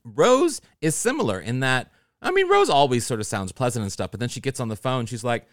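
A man's voice: medium pitch, big pitch swings, a little fast, no echo, clean studio sound. A man co-hosting a podcast, chatting wryly, laughing often and mimicking voices. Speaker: podcast co-host. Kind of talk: casual chat.

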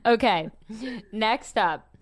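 A woman's voice: mid-range voice, slow pace. A woman hosting a podcast in casual chat, blunt and rambling, swearing freely and laughing often. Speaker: podcast host.

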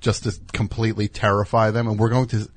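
Lowish husky guy riffing on his radio show, dry close studio sound. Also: little pitch movement, quick pace, dry recording. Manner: rambling, riffing with put-on voices. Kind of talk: casual comedic chat.

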